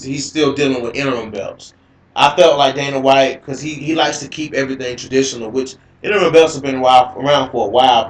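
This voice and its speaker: A man hosting a casual mixed martial arts talk show. He rambles, curses and repeats himself as he gets excited. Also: mid-range voice. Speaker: host of MMA talk show. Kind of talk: casual live-stream commentary. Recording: echoey live-stream audio.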